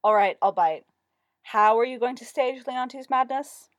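A woman's voice: on the high side, big pitch swings, a little slow, no echo, clean studio sound, voice pushed up. A woman doing a petulant, whiny young man. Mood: sullen. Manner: whiny, sulky. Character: petulant, sullen young male theatre artist.

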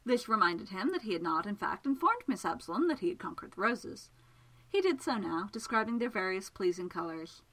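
A woman narrating a romantic story aloud in a measured, smooth reading voice. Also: mid-range voice, very animated, a bit bright, rough recording.

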